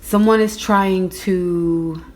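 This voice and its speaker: A woman giving a spoken tarot reading at home, musing slowly with soft mm-hmms. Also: fairly low pitch, steady tone. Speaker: tarot reader. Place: indoors at home, windows closed.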